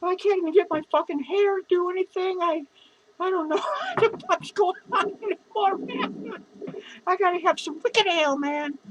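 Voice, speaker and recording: Squeaky-voiced drunk clown, male, self-pitying and foul-mouthed, slurred comic rant. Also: normal speed, muffled recording, a little hiss or hum. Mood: drunk rambling. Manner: slurred, rambling, profane, giggling. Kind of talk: comedic character monologue.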